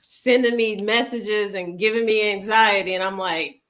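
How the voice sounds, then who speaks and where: A woman's voice: medium pitch, steady tone, normal speed, a bit bright. A woman speaking as a guest, frank and conversational, recounting her story casually. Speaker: podcast co-host, guest.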